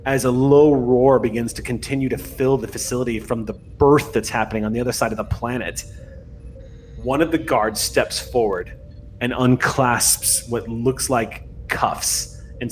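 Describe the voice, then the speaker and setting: Guy gm-ing a tabletop game, dramatic measured narration, faint hiss. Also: mid-range voice, steady tone. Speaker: game master.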